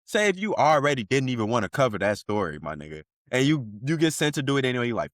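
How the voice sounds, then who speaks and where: A man's voice: medium pitch, big pitch swings, brisk, fairly bright tone, no room sound, studio quality. A man hosting a podcast, riffing in casual slang-heavy commentary and laughing often. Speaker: podcast host.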